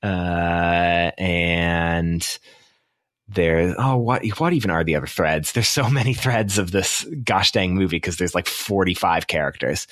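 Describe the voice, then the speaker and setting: Low-voiced man chatting in a dry room. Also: a bit bright, no echo. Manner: rambling, many fillers, quick asides. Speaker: podcast co-host. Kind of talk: casual movie review chat.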